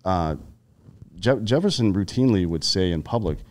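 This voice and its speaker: A man's voice: sits low, expressive, moderate pace, a little mellow. A man in his thirties from the Carolinas, a podcast guest and army veteran, talking bluntly and profanely in casual conversation, telling stories with frequent restarts.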